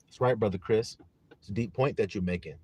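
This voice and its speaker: A man's voice: on the low side, a little fast, mellow, husky, no room sound. A man preaching a sermon on a live stream, emphatic and often asking listeners whether they understand. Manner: emphatic, repeats questions to listeners; greets viewers in chat. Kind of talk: livestream sermon.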